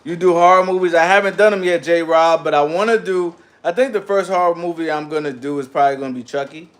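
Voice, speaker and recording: A man with a slightly high voice hosts a loose livestream and answers his chat as he goes. He talks in slang, animated and offhand, jumping between topics with plenty of asides. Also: quick pace. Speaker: livestream host reading chat.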